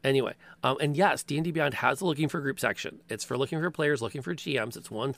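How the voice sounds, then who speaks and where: Casting: a game master, mid-pitched and gravelly, chatty podcast host. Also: male voice, fast, fairly bright tone. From American Midwest. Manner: chatty, rambling with tangents. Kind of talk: casual chat.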